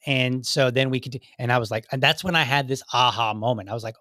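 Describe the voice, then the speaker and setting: A man's voice: mid-range voice, a little fast, few pauses, a bit bright, no room sound, clean studio sound. A man in his thirties hosting a solo talk show, speaking in a conversational way with frequent restarts and asides. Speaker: podcast host.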